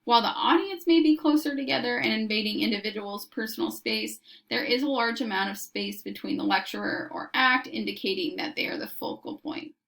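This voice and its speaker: Bright-voiced woman giving a lecture. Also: fairly high pitch, creaky. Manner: measured, explanatory, occasional restarts. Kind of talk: recorded lecture.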